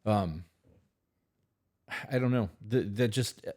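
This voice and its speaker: A man's voice: lowish voice, slow pace, dark tone. A man co-hosting an advice podcast, talking bluntly and swearing freely in casual chat. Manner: blunt, profane, emphatic. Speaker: podcast co-host.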